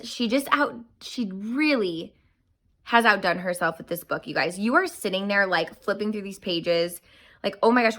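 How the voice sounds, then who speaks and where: A woman's voice: medium pitch, sharp tone. A young woman giving an enthusiastic, gushing book review in a casual chat, a little out of breath.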